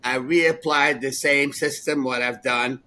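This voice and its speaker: A man in his sixties telling rambling, animated stories as a podcast co-host, laughing often. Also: medium pitch, unhurried, rough recording. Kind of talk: casual storytelling chat.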